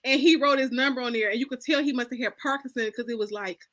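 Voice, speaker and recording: High bright-voiced woman telling animated stories. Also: fast talker. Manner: animated storyteller acting out dialogue, laughing often. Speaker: panel host. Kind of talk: casual storytelling chat.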